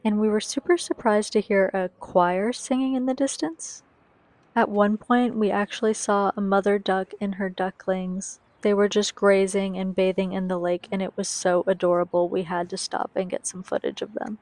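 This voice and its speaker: A woman's voice: medium pitch, flat delivery, moderate pace, darkish tone, dry recording. A young woman giving a chatty, enthusiastic voice-over for a travel vlog and talking straight to her viewers. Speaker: travel vlogger.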